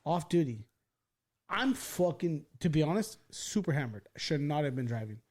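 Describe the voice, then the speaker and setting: A man hosting a podcast, telling a story in a casual, animated and profane way, acting out the people he quotes. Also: fairly high pitch, normal speed. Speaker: podcast host.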